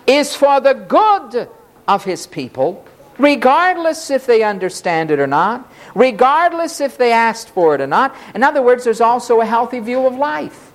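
A preacher giving a sermon, emphatic and dramatic in delivery. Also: mid-range voice.

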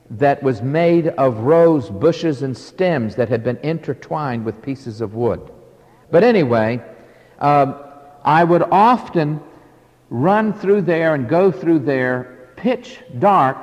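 Slow, echoing preacher in a hall. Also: male voice, on the high side, darkish tone, lo-fi sound. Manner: emphatic, rising and falling preaching cadence. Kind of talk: sermon.

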